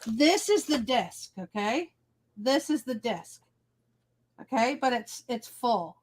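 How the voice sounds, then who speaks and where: A woman with a fairly high voice co-hosts a relaxed crafting livestream over a video call. She explains patiently and in small steps. She keeps pausing to check that her listener is following. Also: slight background noise. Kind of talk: casual chat.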